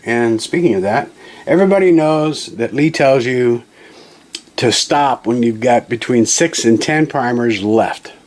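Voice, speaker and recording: A man with a medium, darkish voice speaks a little slowly as he hosts a casual reloading-tool tutorial at his home bench. He rambles in a folksy way, often correcting himself and slipping in apologies, recorded by a camera mic that moves from handheld to tripod.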